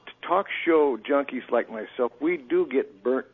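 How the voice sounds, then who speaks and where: A man's voice: medium pitch, lively intonation, measured pace, breathy edge. Earnest male caller on a tinny phone line. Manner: earnest, persuasive. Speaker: radio caller. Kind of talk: phone call to a radio show.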